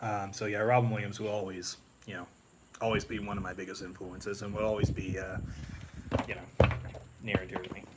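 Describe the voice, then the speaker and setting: A man's voice: lowish voice, flat delivery, a little fast, heavy background noise. A man chatting casually on a live stream, rambling with many fillers and restarts. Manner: rambling, many fillers, breaks into movie-quote impressions. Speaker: YouTube creator on a live stream.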